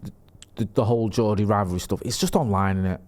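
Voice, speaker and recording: A man's voice: lowish voice, fast talker, a little mellow. A man co-hosting a casual comedic advice podcast, laughing often and reading out listener questions. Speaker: podcast co-host.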